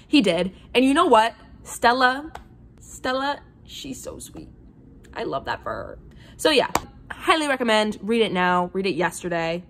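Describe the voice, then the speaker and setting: A woman casually reviewing books in a vlog, gushing and excitable, with lots of "like" fillers. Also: medium pitch, measured pace, a little hiss or hum. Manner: gushing, excitable, heavy use of "like". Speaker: book reviewer.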